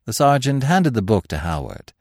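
A man narrating a classic tale in expressive, scripted storytelling style. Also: medium pitch, normal speed, dry recording, clean studio sound.

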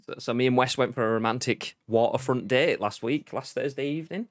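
A man's voice: medium pitch, brisk, no echo, studio quality. A man hosting a casual live-stream show, chatting loosely and reading out messages from the chat. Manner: chatty, rambling, reads chat messages aloud. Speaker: livestream show host.

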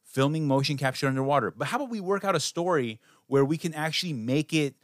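Animated, profane man trashing a film. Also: a little high, no room sound, clean studio sound. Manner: animated, profane, halting restarts. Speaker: podcast co-host. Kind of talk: casual film-review banter.

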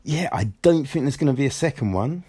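A young man telling casual stories to camera in a lively, chuckling way. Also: medium pitch, brisk, slightly rough. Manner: animated, chuckling storyteller. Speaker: vlogger. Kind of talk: casual storytelling vlog.

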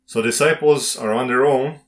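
A man reading a Bible story aloud and preaching on it in a slow, emphatic devotional style with dramatic pauses. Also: medium pitch.

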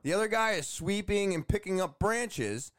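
Man, high voice, casual vlog storyteller, animated and exasperated, cursing freely. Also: normal speed. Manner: animated, exasperated, swears often. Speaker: vlogger telling a story. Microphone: camera facing speaker.

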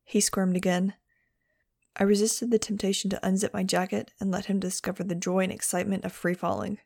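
A woman's voice: medium pitch, level tone, a little fast, creaky, a little mellow. Woman narrating an audiobook, dry. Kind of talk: first-person audiobook narration.

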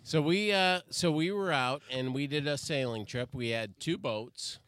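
A man guest on a podcast, telling a story among friends in a relaxed way and laughing easily. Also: on the high side, unhurried, clean tone, no room sound. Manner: laid-back, laughing. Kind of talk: casual storytelling.

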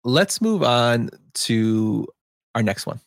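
A man's voice: mid-range voice, animated, slow, dry recording, clean studio sound. A man co-hosting a podcast, chatting about films in a loose, rambling way and reading out film facts. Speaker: podcast co-host. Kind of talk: casual film chat.

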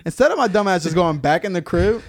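A man's voice: sits high, animated, fast, dry recording, clean studio sound. Joking young man from Brooklyn. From Brooklyn, New York. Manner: joking, brings up topics, teases. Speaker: podcast co-host. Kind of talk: casual chat.

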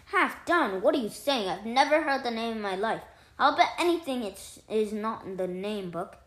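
A woman voicing a fretful, suspicious little female mouse in a storybook tale, with shrill, indignant exclaiming. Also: animated, normal speed, natural voice. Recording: roomy echo.

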